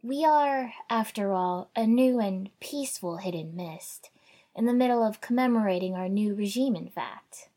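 A woman's voice: mid-range voice, husky, close to an everyday voice. Calculating ninja leader, read by a woman. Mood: calm, measured. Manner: calm, measured, unapologetic delivery.

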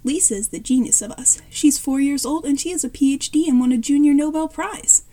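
A chatty, cheerful young boy with lots of sisters, played by a woman reading a story. He is helpful and eager, and his voice sits high and a bit raised. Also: brisk, warm tone, natural voice.

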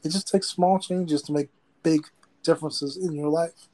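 A man's voice: on the high side, fairly even intonation, moderate pace, warm tone, poor audio. A man hosting a live motivational talk show, emphatic and preachy, repeating lines for effect. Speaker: host.

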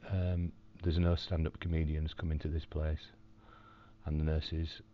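A man recording a personal video diary from his hospital room, telling a story calmly with dry, wry humour. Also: very deep voice, unhurried, muffled recording, a little hiss or hum. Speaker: video diarist in hospital recovery.

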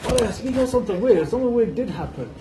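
A man's voice: high voice, lively intonation, noisy background. A young man joking around in a casual chat among friends. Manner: joking, quick bursts.

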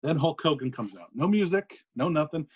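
Animated man recapping old wrestling shows. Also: a little high, husky. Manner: animated retelling with quick asides. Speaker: podcast co-host. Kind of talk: casual podcast storytelling. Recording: muffled lo-fi recording.

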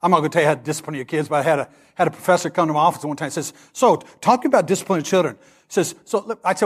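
A man preaching a sermon, animated and acting out the voices he quotes. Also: a little high, rapid-fire, husky. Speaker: pastor.

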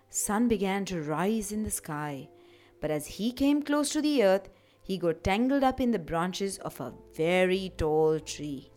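A woman narrating a scripted children's story for a radio program, in an expressive, animated storytelling manner. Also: mid-range voice, measured pace. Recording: faint background music.

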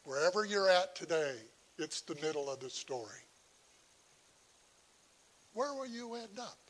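Male pastor, sermon, slightly high voice, unhurried delivery, stumbling restarts. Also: expressive, a bit bright. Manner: preaching with halting restarts and swelling emphasis.

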